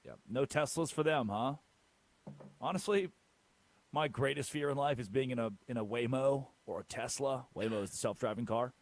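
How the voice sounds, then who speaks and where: A man's voice: medium pitch, moderate pace. A young man hosting a sports talk show, joking and mimicking people as he goes. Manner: animated, joking, mimics people with put-on voices. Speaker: sports radio host.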